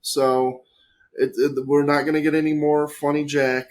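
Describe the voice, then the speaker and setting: A man chatting casually as a podcast guest, animated and swearing freely, with big swings between loud and quiet. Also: on the high side, moderate pace, a little hiss or hum.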